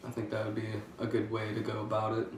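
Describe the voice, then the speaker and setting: A fraternity member giving a hesitant, casual interview answer, full of "like" fillers and the odd swear word. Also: male voice, lowish voice, completely flat delivery, fast, heavy reverb, far from the mic, slight background noise, rough recording.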